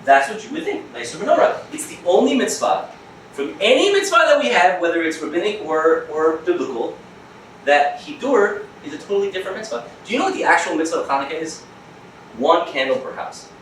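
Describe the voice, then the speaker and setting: A rabbi teaching a class with a lively, swooping voice, cracking jokes and briefly acting out other people's voices. His voice sits a little high for a man. He is recorded from a distance in an echoey classroom with faint background noise. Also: a little fast. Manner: animated, joking, acts out voices of others. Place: school classroom. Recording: echoey room, mic from afar.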